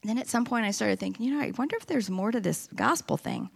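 A middle-aged woman giving a personal testimony at church, telling her story in an earnest, animated way. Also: on the high side, quick pace, vocal fry, husky.

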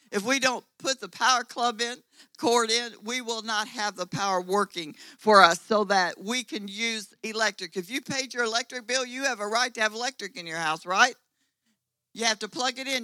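High, bright-voiced fervent male preacher. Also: clean tone, no echo, poor audio. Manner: fervent, rises and falls between loud exhortation and quiet lows. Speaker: pastor. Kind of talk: sermon.

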